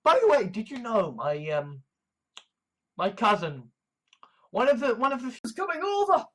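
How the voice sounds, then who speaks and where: A man's voice: sits high, sing-song, measured pace, a bit bright. A man talking casually in a vlog, rambling with lots of fillers and stammered restarts. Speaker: online video creator.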